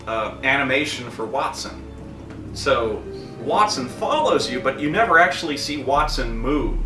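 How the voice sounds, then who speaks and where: A man hosting a casual chat about a film, excitable, rambling and profane. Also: medium pitch, echoey room, far from the mic. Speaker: host.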